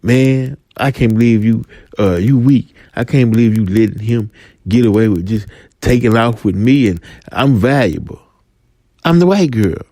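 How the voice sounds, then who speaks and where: A man's voice: medium pitch, moderate pace, warm tone, no room sound, studio quality, lightly acted. A man voicing cocaine as a tempting woman. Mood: scornful. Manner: taunting, coaxing, possessive.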